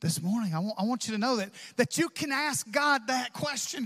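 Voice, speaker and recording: A man's voice: very high-pitched, expressive, brisk, hardly any pauses, fairly bright tone, big-room sound. A man preaching a sermon as pastor, impassioned and acting out prayers and quotes.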